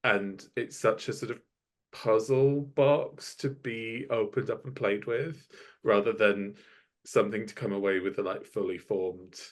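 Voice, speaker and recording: A man's voice: on the low side, fairly even intonation, measured pace. A man appearing as a podcast guest muses about a film's ideas. He speaks thoughtfully and hesitantly, often stammering and restarting mid-thought. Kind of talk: casual film discussion.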